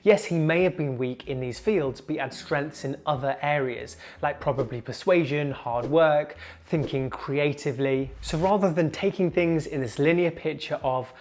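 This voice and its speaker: A young man giving an earnest, measured motivational talk to camera, slowing down to stress key points. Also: on the high side, a little mellow. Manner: earnest, measured, slows down for emphasis. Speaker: junior doctor and comedian, video host.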